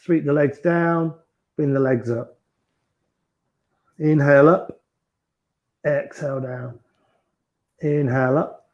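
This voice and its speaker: A fairly high-voiced man guides a beginners yoga class with soft, encouraging cues. He talks students through each stretch patiently, step by step. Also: lo-fi sound. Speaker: yoga instructor.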